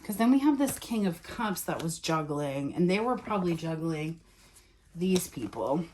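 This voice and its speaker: Woman tarot reader, fairly low voice, chatty, thinks out loud. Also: very animated, normal speed, a little hiss or hum. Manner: chatty, thinking aloud, reads card text aloud. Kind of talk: casual tarot reading monologue.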